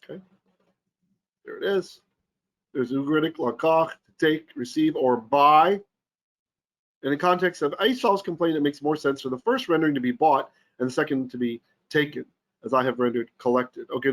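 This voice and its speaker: A man teaching a Torah lesson in an animated, jokey way, often checking in with his listeners. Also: fairly high pitch. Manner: animated, jokey teaching with frequent "right?" asides. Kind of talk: live-streamed Bible lesson. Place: Philippines.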